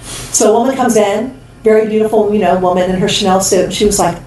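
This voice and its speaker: A woman who owns a restaurant, chatting as a podcast guest and telling her story in a lively way, often laughing and acting out what people said. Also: mid-range voice, quick pace, distant mic, slight background noise. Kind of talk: animated storytelling in casual chat. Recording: roomy echo, a bit off-mic, faint ambience.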